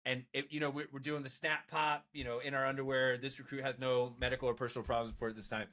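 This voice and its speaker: A man's voice: mid-range voice, level tone, fast, fairly bright tone. A man, a Marine veteran guest on a podcast, telling stories in casual chat, swearing freely, laughing along and restarting his words often.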